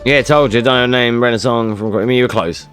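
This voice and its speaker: A man's voice: mid-range voice, fast, a bit bright, soft background music. A male streamer chatting casually with his viewers, joking around and swearing a lot. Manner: joking, swearing, reacting to chat. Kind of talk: casual live-stream chat.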